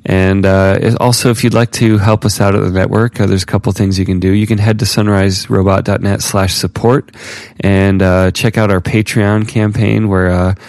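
A man co-hosting a podcast, relaxed, reading the outro and support appeal. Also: fairly low pitch, moderate pace, hardly any pauses, no echo. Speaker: podcast co-host. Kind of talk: casual discussion and show outro.

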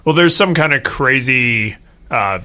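An American man hosting a podcast, chatting casually and joking with quick asides. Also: medium pitch, lively intonation, pushed and bright, smooth. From United States. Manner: joking, quick asides, laughs at own remarks. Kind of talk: casual chat.

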